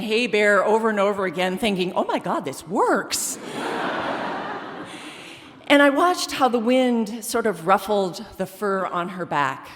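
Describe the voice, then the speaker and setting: A woman's voice: medium pitch, a little hiss or hum. A woman performing a comic, self-mocking personal story on a theater stage before a live audience. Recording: reverberant theater hall.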